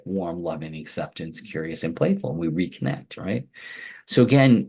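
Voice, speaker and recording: Soft-spoken male trainer, husky low voice. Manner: soft, warm delivery with frequent "right?" and "again". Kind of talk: recorded training lecture.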